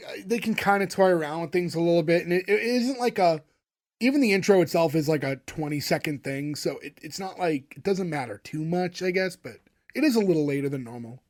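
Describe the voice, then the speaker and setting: A man's voice: on the high side, expressive, fairly quick. A young man co-hosting a podcast, rambling through an episode recap with lots of fillers. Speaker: podcast co-host. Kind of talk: casual recap chat.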